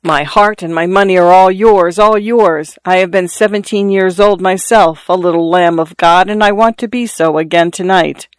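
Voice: mid-range voice, steady tone, moderate pace, few pauses, smooth, dry recording, close to an everyday voice. A reader voicing a big, overbearing grown sailor who talks in a coaxing, possessive way in an audiobook. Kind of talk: audiobook reading.

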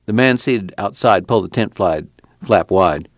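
A man narrates an audiobook, telling the story expressively. His voice is on the low side and moves at normal speed, recorded at studio quality with no room sound.

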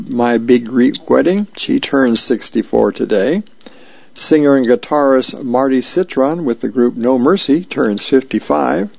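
Slow gravelly male volunteer reader. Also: medium pitch, a little mellow, no room sound, lo-fi sound. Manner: slow, unhurried, with fillers and restarts. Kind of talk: reading comics and birthdays aloud.

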